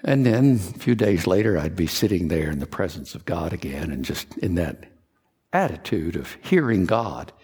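Low husky preacher in a reverberant hall. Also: male voice, big pitch swings, moderate pace. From Kentucky, USA. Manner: earnest, confessional storytelling with soft dropped asides. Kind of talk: sermon.

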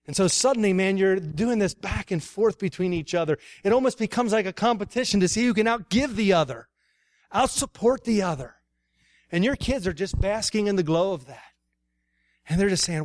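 A man's voice: high-pitched, normal speed, dry recording, clean studio sound. A middle-aged man preaching a sermon, telling stories with laughter and ending in an emotional prayer.

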